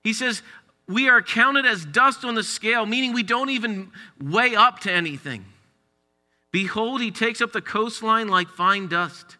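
A middle-aged man preaching a sermon, telling stories and rising in pitch for emphasis. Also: unhurried. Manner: storytelling, animated, rises for emphasis. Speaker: pastor. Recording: reverberant hall.

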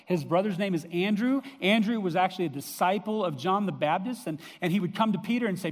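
A man's voice: high voice, animated, quick pace, few pauses. A man preaching a sermon in a conversational storytelling way, with fillers. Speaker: pastor. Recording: long reverb of a hall.

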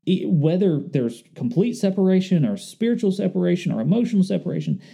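A man's voice: sits high, sing-song, fairly quick, gravelly, warm tone, slightly rough. A man preaching a sermon, earnest and conversational, reflective as he speaks to his congregation. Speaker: pastor.

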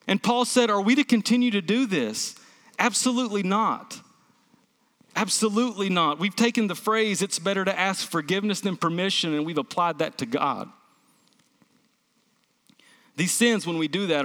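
A man preaches a sermon with emphatic force, pressing his listeners with questions and answering them himself. His voice sits high for a man. The sound carries the long reverb of a church hall. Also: fairly bright tone. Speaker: pastor.

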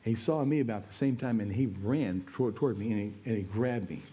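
A pastor preaching a sermon, telling a personal story in an earnest, plain way. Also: male voice, lowish voice, a little fast, warm tone, muffled recording.

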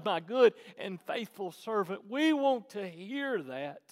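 Male preacher, high tenor, folksy and emphatic, hall reverb. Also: sing-song, slow pace, hardly any pauses. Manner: conversational preaching, swelling to emphatic shouts. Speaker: pastor. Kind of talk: sermon. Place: large church hall.

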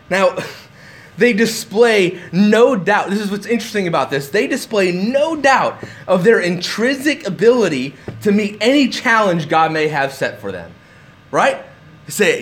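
High-voiced man preaching a sermon. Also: measured pace. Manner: conversational preaching with restarts and lively acted quotes. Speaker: pastor. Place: church.

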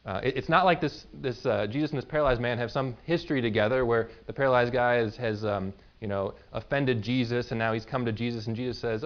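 A man preaching a sermon in a conversational way, explaining with everyday examples and quick asides. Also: medium pitch, highs cut off. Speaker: pastor.

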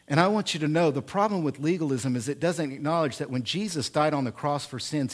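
A male pastor preaching a sermon, emphatic and repetitive, swinging from quiet asides to loud bursts. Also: on the high side, a little fast, hardly any pauses. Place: church.

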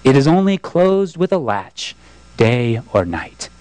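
A man's voice: medium pitch, big pitch swings, slow pace, darkish tone, no room sound. A man voicing a kindly old bishop while reading a story aloud in a sermon, in a mild, patient way. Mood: solemn.

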